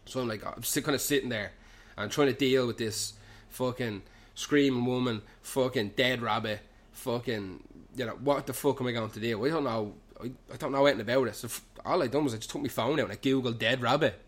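This young man's mid-range voice comes a little fast with hardly any pauses. Hosting his podcast from a pub, he tells a rambling comic story in Irish Dublin slang, swearing heavily all the way.

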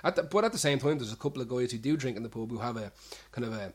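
A man's voice: medium pitch, lively intonation, rapid-fire, husky. A young man hosting a show, rambling casually with lots of restarts and swearing. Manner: chatty, frequent restarts and swearing. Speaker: show host.

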